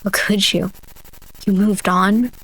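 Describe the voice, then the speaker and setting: A woman's voice: medium pitch, fairly even intonation, takes it slowly, background noise, close to an everyday voice. A woman voicing the bitter ghost of a dead spouse, speaking in a cold, accusing way.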